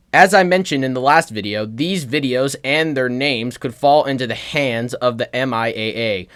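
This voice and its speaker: Young man narrator, stern measured warnings, plain mid voice. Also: mid-range voice, fairly bright tone. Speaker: video narrator. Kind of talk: scripted narration.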